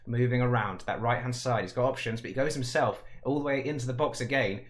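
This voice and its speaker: A man commentates on a football video game with a medium-pitched voice, talking fast with few pauses. He's chatty and jokey, working up to excited shouts at goals that make his voice crack.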